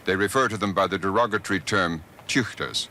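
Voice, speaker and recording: A middle-aged man narrating a documentary as host, measured and expressive. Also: low voice, background noise. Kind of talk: scripted narration.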